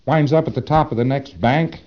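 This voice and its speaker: A man's voice: medium pitch, fairly quick, highs cut off. A man giving a lecture, speaking dramatically with rhetorical questions and acting out his examples. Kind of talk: recorded lecture.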